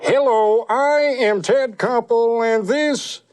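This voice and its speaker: A man impersonating stiff television news anchors in a slow, overly deliberate newsreader delivery. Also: extremely high pitch, a little mellow, pitched above the performer's own voice. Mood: solemn.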